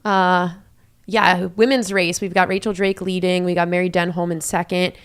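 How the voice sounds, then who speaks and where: A woman's voice: lowish voice, level tone, normal speed, smooth. A young woman commentating a live running race in a chatty way, with many fillers as she runs through splits and standings.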